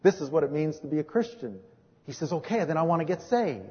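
A man preaching as a pastor, telling stories from his ministry and moving between hushed and emphatic delivery. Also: on the high side, very animated, fast, husky. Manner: storytelling, swings from hushed to emphatic. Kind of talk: sermon with personal testimony. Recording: dull recording in a reverberant hall.

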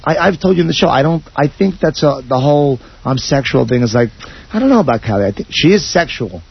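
Gravelly man rambling on the radio. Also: a little high, fast. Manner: rambling, excitable. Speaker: show guest. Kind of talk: casual storytelling. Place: radio studio. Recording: dull lo-fi radio recording.

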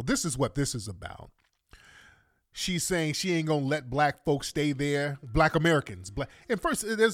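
A man hosts his podcast, reacting to a clip with indignant, mocking rhetorical questions. His pitch swings widely and sits a bit high. The sound is dry and close, with faint music underneath. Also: no room sound. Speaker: podcast host. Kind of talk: commentary on a played clip.

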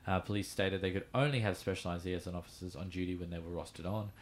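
A man's voice: sits low, steady tone, quick pace, slight background noise. An Australian man on a podcast who reads out a news item and then tells his own story in casual chat, with fillers as he goes.

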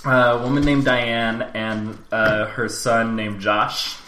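A man hosting a casual podcast chat with friends, relaxed and quick to laugh. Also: medium pitch. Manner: laid-back, laughs often. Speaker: podcast host. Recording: echoey room, faint noise.

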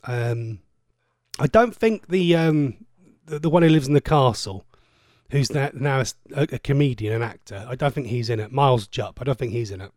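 A man's voice: mid-range voice, moderate pace, darkish tone, no echo, studio quality. A man presenting a radio show, chatting casually and cheekily, rambling and stumbling over his words as he reads out listener messages. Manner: chatty, cheeky and rambling, with frequent stammered restarts. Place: radio studio.

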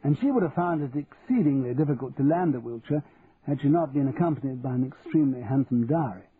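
A man's voice: mid-range voice, animated, quick pace, a crowd in the background, lightly acted. A man playing a bluff, hearty English aristocrat who blusters jovially with old-fashioned oaths. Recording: tinny, phone-like audio, faint hiss.

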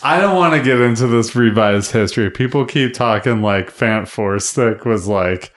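A man co-hosting a casual podcast chat, excitable and profane, laughing often. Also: medium pitch, moderate pace. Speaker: podcast co-host.

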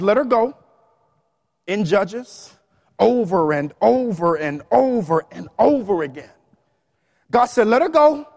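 High-voiced preacher man in echoing hall. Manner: animated preaching with playful asides and sung snippets. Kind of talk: sermon.

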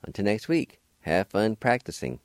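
Clean studio sound, no room reverb: a middle-aged man with a lowish, very animated voice spells out vocabulary words one letter at a time on the radio. His delivery is unhurried, the lesson slow and deliberate.

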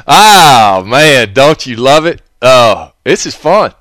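A man's voice: medium pitch, a bit bright, no echo, clean studio sound. A man hosting a radio talk show, rambling in a folksy way and chuckling to himself between thoughts.

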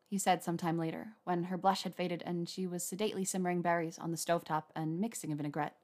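A woman narrating a story aloud in a measured, even reading. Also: on the low side. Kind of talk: reading fan fiction aloud.

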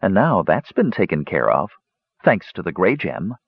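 A man's voice: deep voice, huge pitch swings, moderate pace, gravelly, slightly rough, no room sound, heavily acted. A man voicing a carefree young blonde woman who chatters in a lilting, dismissive way. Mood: teasing. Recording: dull lo-fi dry recording.

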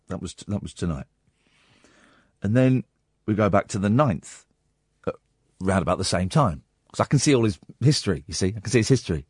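A man hosting a late-night radio talk show, mocking a listener with slow, drawn-out jabs. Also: low voice, expressive, breathy edge, dry recording, clean studio sound.

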